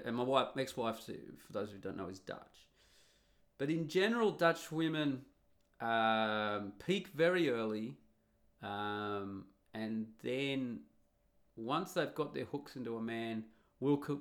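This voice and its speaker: An Australian man with an Australian accent, giving a blunt, rambling solo monologue full of fillers and restarts. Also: medium pitch. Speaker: vlogger.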